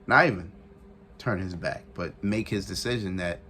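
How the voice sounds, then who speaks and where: A man giving a casual, excitable recap of a wrestling event, repeating phrases for emphasis and laughing often. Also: sits low, normal speed, slight background noise. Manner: excitable, retells with shouted quotes and sound effects. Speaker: wrestling reviewer.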